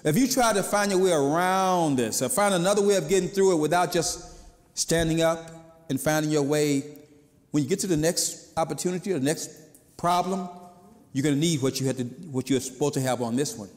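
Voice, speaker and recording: A male pastor delivering a sermon in an easy, conversational manner. His voice sits a bit high for a man, and it rings with a long reverb from the church around him. Now and then he slips into the voices of people he quotes. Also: brisk.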